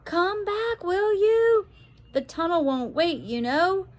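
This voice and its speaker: A woman's voice: very high voice, big pitch swings, takes it slowly, pitched above the performer's own voice, heavily acted. Woman reading as a frightened girl, Stella. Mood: pleading. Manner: urgent, breathless pleading.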